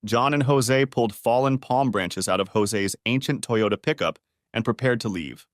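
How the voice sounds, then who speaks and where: A man narrating a family drama story in a steady, scripted storytelling voice. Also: mid-range voice, normal speed, no room sound, studio quality.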